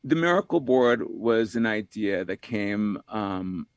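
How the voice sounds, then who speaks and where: A man's voice: fairly low pitch, animated, slow pace, dry recording. A man, an author from New York, talks as a podcast guest in a reflective, rambling way, often saying "you know" and repeating words.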